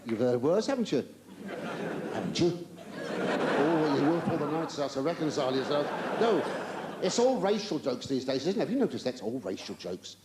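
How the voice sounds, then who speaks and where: Pitched on the high side and highly animated, he talks at a normal speed over a loud crowd. The stand-up comic is live in a large theatre, ribbing the audience in a chatty way while stammering out flustered asides and mock-offended denials, with laughter and hiss in the recording.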